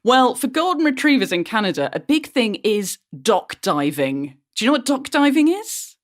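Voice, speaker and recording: A woman's voice: a little high, sing-song, moderate pace. Chatty British woman guest. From United Kingdom. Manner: chatty and easily amused. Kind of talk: casual podcast interview.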